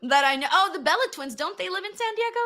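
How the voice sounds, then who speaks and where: Bright, lively young woman co-hosting. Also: extremely high pitch, fast talker. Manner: playful, laughs often, swears casually. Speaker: co-host of a wrestling watchalong stream. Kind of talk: casual chat.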